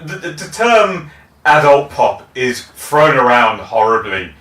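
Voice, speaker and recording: A man co-hosting a podcast, telling stories with animated, excitable energy in casual music chat. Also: medium pitch, slow. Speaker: podcast co-host. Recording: echoey room, distant mic.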